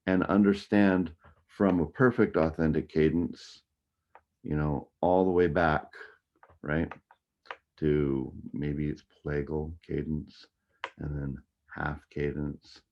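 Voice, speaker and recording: A man's voice: extremely low pitch, steady tone, slow pace. A man teaching a music theory lesson in a casual way, humming tunes to show his point. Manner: casual, hums and scats the melodies. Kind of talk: recorded online lecture. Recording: dull lo-fi audio.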